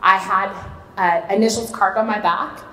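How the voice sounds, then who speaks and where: Her voice is medium-pitched, fairly bright, and steady in tone at a moderate pace as she shares her story. The speaker, a Florida woman in her late thirties who runs a maternity home, speaks openly and earnestly at a church seminar in an echoey hall.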